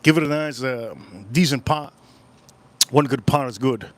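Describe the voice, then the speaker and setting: A man's voice: mid-range voice, measured pace. A man hosting a casual livestream, rambling and repeating his phrases as he chats with viewers at home. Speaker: livestream host.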